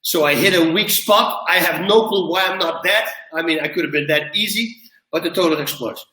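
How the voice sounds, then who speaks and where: A man telling a long, funny personal story in an animated way, laughing as he goes and acting out what people said. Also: on the high side, fairly quick. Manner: lively, laughs at his own story, acts out quotes. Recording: roomy, from a distance.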